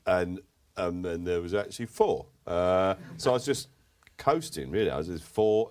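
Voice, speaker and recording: A man's voice: sits low, normal speed, darkish tone. A man, a comedian guest on a podcast, telling a silly story playfully, building it up and laughing as he goes.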